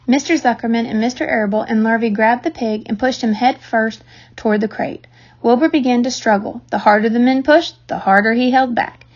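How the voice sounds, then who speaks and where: A woman reading a children's book aloud, telling the story in a lively, expressive way. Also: a little high, fairly quick. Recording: dull lo-fi recording.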